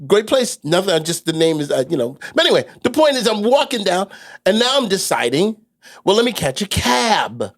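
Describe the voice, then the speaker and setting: Animated rambling man telling a story. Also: high-pitched, brisk. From New York City. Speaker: podcast co-host. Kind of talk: casual storytelling chat.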